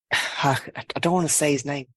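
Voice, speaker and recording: Joking podcast host. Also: male voice, a little high, fairly bright tone, no echo. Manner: jokey, swears, laughs at own jokes. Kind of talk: casual banter.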